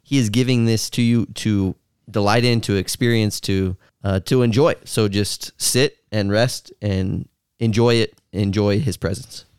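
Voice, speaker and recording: A man in a casual faith discussion, a quick, lively storyteller. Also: lowish voice, clear, resonant tone, dry recording, clean studio sound.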